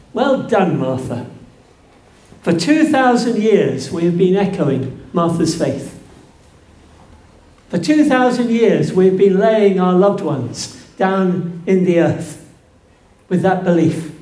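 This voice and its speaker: Man giving a sermon, mellow high voice, slow and emphatic, roomy church echo. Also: lively intonation. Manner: slow, emphatic, rising to fervent peaks. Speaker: preacher. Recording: echoey church room.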